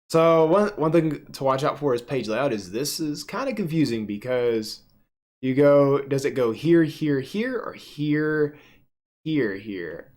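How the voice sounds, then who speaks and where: A man's voice: medium pitch, animated, a little slow, a little mellow. A man streaming live, giving casual, joking commentary with crude asides as he reads webtoons aloud.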